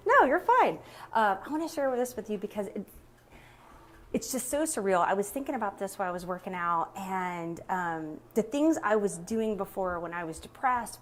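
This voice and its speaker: A chatty woman in her thirties streams live from her phone while walking home outside, slightly out of breath. Her voice sits high and jumps around a lot in pitch. Faint outdoor ambience stays behind her. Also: slight background noise. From Texas. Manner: upbeat, chatty, greets viewers often. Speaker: business coach.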